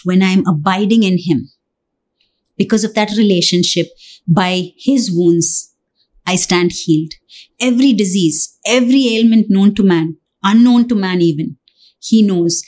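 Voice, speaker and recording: Woman, sermon, earnest, pleading questions, mid-pitched voice. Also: a little slow, darkish tone. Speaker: preacher.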